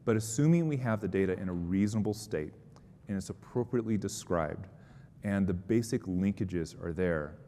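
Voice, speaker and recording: A man's voice: moderate pace, warm tone. A man presenting at a conference, answering audience questions in an upbeat, explanatory, conversational way. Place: conference hall. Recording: long hall reverb, faint rumble.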